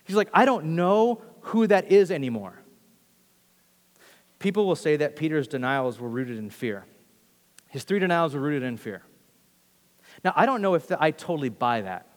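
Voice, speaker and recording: A male pastor delivering a sermon in an animated storytelling way, moving from raised, excited passages to soft, hushed ones. His voice sits a little high for a man and trails off into a long hall reverb. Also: brisk. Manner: animated storytelling, acts out quotes, swings loud to hushed.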